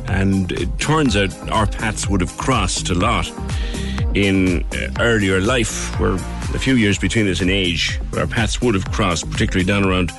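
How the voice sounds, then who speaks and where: A middle-aged man with a Cork accent hosting a radio phone-in, chatty and quick to laugh. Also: low voice, over music. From Ireland. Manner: chatty, lively, laughs easily. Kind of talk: casual radio interview.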